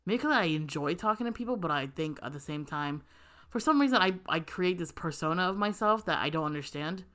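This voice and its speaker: A woman co-hosting a casual podcast, with a very low, deep voice for a woman. She talks in a relaxed way and drops in wry asides. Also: fairly quick. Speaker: podcast co-host. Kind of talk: casual chat.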